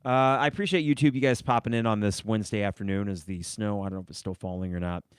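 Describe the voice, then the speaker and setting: A man with a fairly low, steady voice and a quick pace hosts a sports podcast by himself, rambling with opinions and picking up comments from the live chat. His tone is clean, and the studio-quality recording has no room sound.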